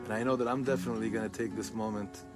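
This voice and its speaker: Middle-aged male rabbi, meditation leader, gentle and halting delivery, birdsong and music behind. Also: fairly low pitch, fairly even intonation. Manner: gentle, halting, searching for words. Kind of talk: guided meditation with chanted melody. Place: outdoors among greenery with birds.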